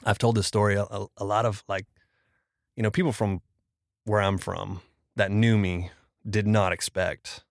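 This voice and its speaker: A man's voice: on the low side, flat delivery, normal speed, creaky, no room sound, clean studio sound. A man from Florida, a pastor, telling a personal story as a podcast guest in a casual, slangy way, acting out what people said. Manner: casual, slangy storyteller who acts out quoted speech.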